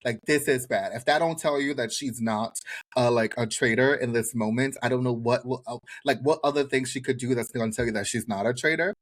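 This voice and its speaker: A man's voice: mid-range voice, brisk. A man co-hosting a podcast with an American accent, recapping a reality show in casual chat and acting out what people said. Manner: animated storyteller acting out quotes. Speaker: podcast co-host.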